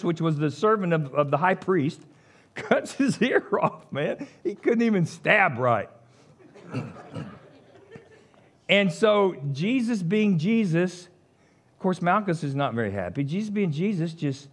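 Guy preaching, kinda high voice, lively storyteller, middle-aged. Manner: animated storytelling with chuckles. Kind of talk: sermon.

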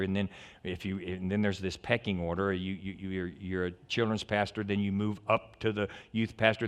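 A middle-aged male pastor preaching a sermon in an animated, digressive way, swinging from loud outbursts to hushed stretches. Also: fairly low pitch.

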